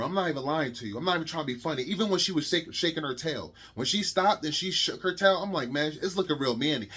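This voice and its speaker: A man from Connecticut with a notably high voice delivers a heated, preachy rant straight to his audience. He often stumbles and restarts mid-phrase and keeps tagging lines with "man". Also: fairly bright tone, husky. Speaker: vlogger. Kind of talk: opinion rant to camera.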